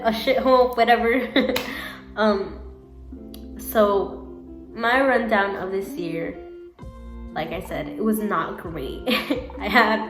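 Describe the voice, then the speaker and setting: A young-sounding woman talks to her camera in a loose, rambling way, laughing at herself and restarting her sentences. Her mid-range voice sits in a roomy, echoing space, with faint guitar music underneath. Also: mid-range voice. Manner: rambling, giggly, self-correcting, many fillers. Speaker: vlogger. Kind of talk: casual chat to camera.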